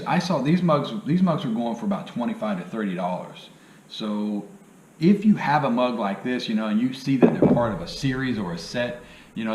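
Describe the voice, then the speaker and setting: Folksy lower-voiced man with a hillbilly accent. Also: darkish tone. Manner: rambling, folksy, says "you know what I mean" often. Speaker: reselling vlogger. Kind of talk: casual vlog talk. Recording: echoey room with faint ambient noise.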